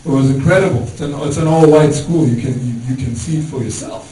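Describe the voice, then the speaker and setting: A man's voice: fairly high pitch, quick pace, mellow. A man performing a stand-up comedy set, telling stories loosely with lots of fillers. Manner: loose storytelling with many fillers. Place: comedy show venue with audience. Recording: echoey room, mic far off, crowd. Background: audience laughter.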